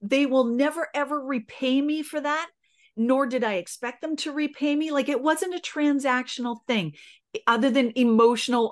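A woman's voice: high voice, fairly even intonation, moderate pace. Earnest woman telling a personal story. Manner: emotional, earnest, with restarts. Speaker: podcast guest.

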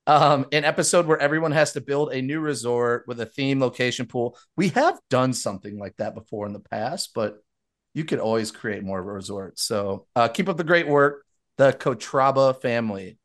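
Reading listener reviews aloud on his laid-back podcast, a young adult man tosses in brief asides between lines. He speaks at medium pitch with lively intonation.

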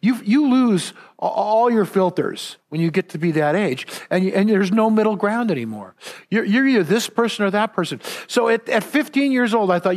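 A man's voice: high voice, lively intonation, moderate pace. A man from Southern California preaching a sermon as a pastor, earnest and repeating words when stressing a point.

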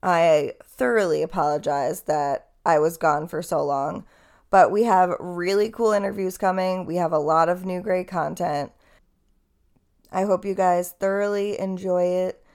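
A young woman hosts her podcast in a casual storytelling monologue. Her voice sits a little low and has a gravelly fry to it. She talks in a chatty, candid way and swears casually. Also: fairly even intonation, unhurried, darkish tone. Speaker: podcast host.

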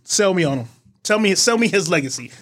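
A man's voice: high-pitched, animated, a little fast. A man co-hosting a podcast, teasing his co-host and arguing fan trivia in casual chat.

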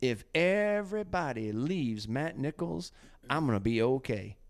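A man hosting a casual faith podcast, talking in an animated, preachy way and often acting out quotes. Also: medium pitch, a little slow. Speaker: podcast host.

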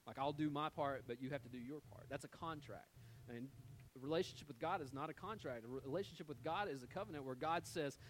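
A man's voice: on the high side, fast talker, slight background noise, low-quality recording. A man preaching a sermon in a conversational way, often repeating words as he searches for the next phrase. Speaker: pastor.

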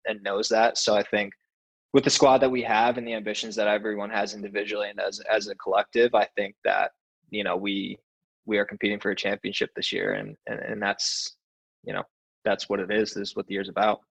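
Low, flat-voiced young man. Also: fairly quick, vocal fry, husky, rough recording. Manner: relaxed storytelling with many fillers. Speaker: soccer player, guest. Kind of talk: casual interview chat.

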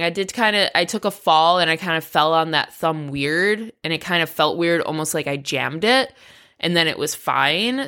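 A woman with a slightly low voice gives a casual personal update on her podcast. She talks frankly, with plenty of swearing and rambling asides, and her frustration runs through it. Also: a bit bright. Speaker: podcast host.

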